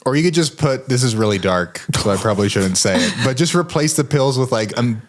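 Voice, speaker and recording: A man's voice: medium pitch, expressive, a little fast. A man guesting on a podcast, rambling and joking about a film, filling his talk with "like". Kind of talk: casual film discussion.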